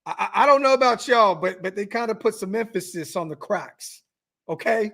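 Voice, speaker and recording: Animated man hosting a sports podcast. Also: high voice, normal speed. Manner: animated, repeats himself, many restarts and fillers. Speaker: podcast host. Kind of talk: casual sports podcast talk.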